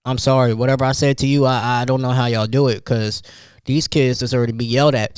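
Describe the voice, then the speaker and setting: A man in his thirties hosting a casual solo podcast, telling a story in a rambling, animated way with many restarts. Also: mid-range voice, a little fast, smooth, no echo, studio quality. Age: 30s. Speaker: podcast host.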